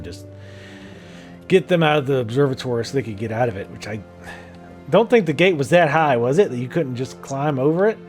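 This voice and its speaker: A man chatting casually as he plays a video game, musing aloud and laughing often. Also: mid-range voice. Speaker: gameplay video host. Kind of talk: casual gameplay commentary.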